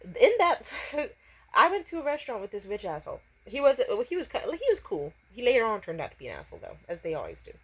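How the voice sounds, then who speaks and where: A young woman telling a story in a casual, profane rant, animated and quick to slip into exaggerated voices when she quotes people. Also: on the high side, breathy edge. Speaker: storytime vlogger.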